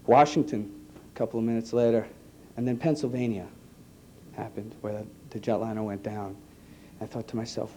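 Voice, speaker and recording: A man, an EMT giving an earnest personal testimony to an audience, halting and repeating his words. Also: medium pitch, fairly even intonation, warm tone, a little hiss or hum. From New York. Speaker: EMT speaking to a conference.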